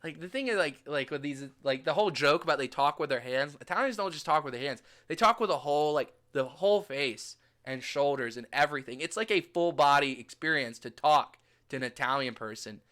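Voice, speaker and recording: A man's voice: fairly high pitch, expressive, fairly quick, few pauses, fairly bright tone. A man hosting a casual chat, talking in a rambling, profane way with lots of filler words. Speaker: host.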